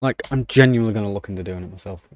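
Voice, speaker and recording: A man's voice: fairly low pitch, rapid-fire, no room sound. A young man chatting casually on a live stream, ranting in annoyance while typing commands at his desk. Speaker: livestreamer.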